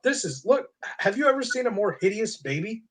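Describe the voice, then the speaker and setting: A man hosting a casual comic review, sardonic and quick to swear, stumbling over his words. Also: high-pitched, sing-song, background noise. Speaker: host.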